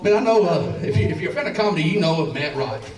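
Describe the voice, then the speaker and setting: A man's voice: fairly high pitch, animated, quick pace, a crowd in the background. A man with a Southern Alabama accent doing a stand-up set, telling rambling, profane stories with lots of stammers and restarts. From Alabama and Tennessee. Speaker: stand-up comedian. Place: comedy club stage. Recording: roomy club sound from a distance.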